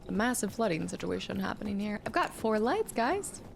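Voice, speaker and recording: A woman's voice: mid-range voice, very animated, brisk, gravelly, soft background music. A woman playing a video game and thinking aloud about its story in casual let's play commentary. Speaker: gamer streaming a playthrough.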